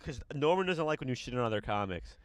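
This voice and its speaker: A man's voice: medium pitch, expressive, fast, smooth, no echo. A young man, a stand-up comic co-hosting a podcast in a parked car, talking in a rambling, profane, self-deprecating way. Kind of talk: casual chat.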